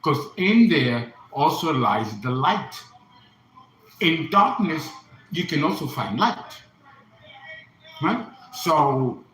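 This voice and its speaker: A man in his fifties pours out an earnest, impassioned monologue, his pitch swinging widely as he talks. His tone is bright and forceful, and he often circles back to repeat himself. The voice rings in an echoey room. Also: slight background noise. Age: 50s. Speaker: astrologer and occult teacher. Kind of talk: emotional personal monologue.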